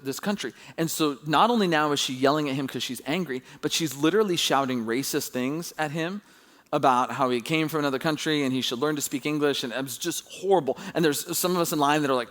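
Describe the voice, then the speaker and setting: A man preaching a sermon as pastor, telling a story with animated, rising emphasis when excited. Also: a little high.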